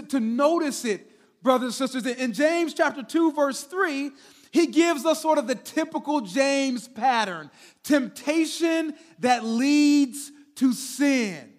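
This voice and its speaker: Very high-voiced male preacher. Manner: conversational preaching, repeating words and addressing the congregation directly; swings between loud emphasis and quiet, drawn-out words. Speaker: senior pastor. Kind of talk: sermon.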